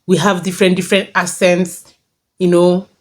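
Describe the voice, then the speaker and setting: A woman's voice: fairly low pitch, little pitch movement, normal speed. Gushing woman from Africa hosting a reaction. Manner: enthusiastic, repetitive and gushing. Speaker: reaction channel host. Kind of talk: casual reaction commentary.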